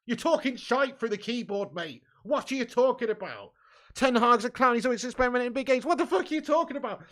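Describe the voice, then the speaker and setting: A man hosting a live match watch-along, reading out viewer chat with blunt, sweary football banter and lots of "mate" and "bud". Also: sits high. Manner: chatty, often adds "mate" and "bud". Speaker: fan channel host reading live chat.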